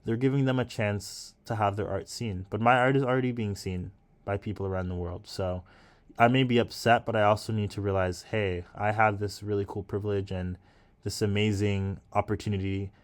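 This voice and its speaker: A man's voice: on the low side, fairly even intonation, a little fast. A man talking casually and thoughtfully to his viewers while he paints, musing and encouraging himself. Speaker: artist and vlogger.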